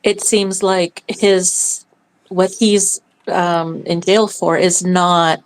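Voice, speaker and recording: A woman's voice: fairly low pitch, flat delivery, very slow, smooth, rough recording. A woman calling in to a casual show, thinking aloud in a curious, musing way. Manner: thoughtful, wondering aloud with light laughs. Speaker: caller. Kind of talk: casual call-in chat.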